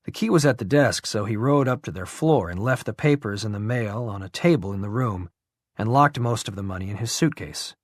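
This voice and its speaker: A man giving a measured, even scripted narration of an audiobook. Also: on the low side, no echo, studio quality.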